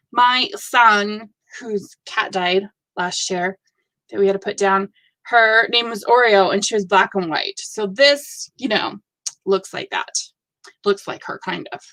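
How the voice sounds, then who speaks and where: A woman in her fifties hosting a casual live stream, gushing warmly over viewers' work with effusive reactions. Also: mid-range voice. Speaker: host of a live stitching show.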